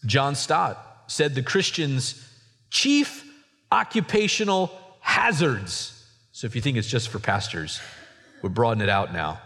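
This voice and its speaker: A man preaching a sermon as a pastor, swinging from soft asides to sudden high emphasis. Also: animated, a little slow. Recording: hall reverb.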